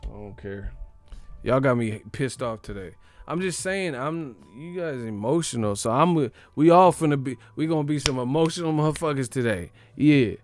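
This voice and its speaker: A man's voice: medium pitch, expressive, normal speed, faint music behind. Profane trash-talking boxing commentator man. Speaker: boxing commentator, channel host. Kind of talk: casual boxing commentary rant.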